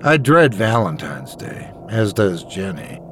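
A man narrating a first-person horror story in a measured, dramatic way. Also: fairly low pitch, big pitch swings, noisy background.

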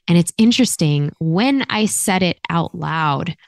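A middle-aged woman, an author, earnestly telling her personal story in an interview, slowing down on painful moments. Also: fairly low pitch, dry recording, studio quality. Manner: reflective, earnest, slows down on painful points. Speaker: author and guest.

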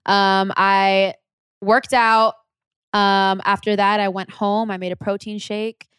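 A young woman from California in her twenties, chatting casually as a podcast guest, bubbly and quick to laugh. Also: mid-range voice, little pitch movement, fairly bright tone, smooth, no echo, clean studio sound. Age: 20s. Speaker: guest, singer.

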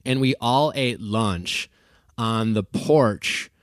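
A man's voice: fairly low pitch, extremely slow, dry recording. A man in his forties hosting a podcast in a casual, loose storytelling manner, calling in from a hotel room. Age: 40s. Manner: chatty, laughing, loose storytelling. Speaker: podcast host. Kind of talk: casual chat. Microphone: remote call from a hotel room.

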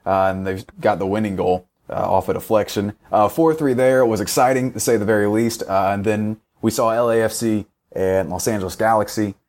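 A young man with a slightly low voice co-hosts a casual football podcast. He recaps the action in a wry, joking way. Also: fairly even intonation, fairly quick, hardly any pauses, darkish tone. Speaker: podcast co-host. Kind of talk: casual sports chat.

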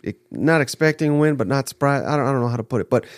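A man's voice: medium pitch, animated, racing, dry recording. A man hosting a sports podcast, asking questions in an easygoing, casual way. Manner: easygoing, laughs easily, leads the questions. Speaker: podcast host.

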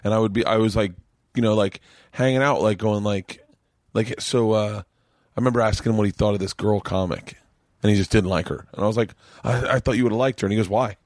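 This male comedian hosts a podcast from a small home studio, telling chatty anecdotes and acting out the dialogue in them. His voice is fairly low and darkish, steady in tone and a little fast, with a dry, clean studio sound.

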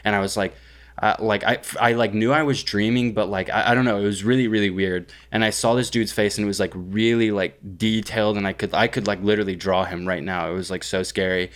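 A man's voice: lowish voice, fairly even intonation, quick pace, fairly bright tone, clear, resonant tone. A young man co-hosting a podcast, telling a dream in a rambling, casual way with lots of fillers and swearing. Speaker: podcast co-host.

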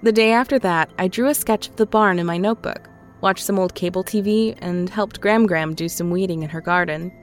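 Woman narrating a horror story calmly. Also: fairly low pitch. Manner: calm, measured storytelling. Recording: faint music underneath.

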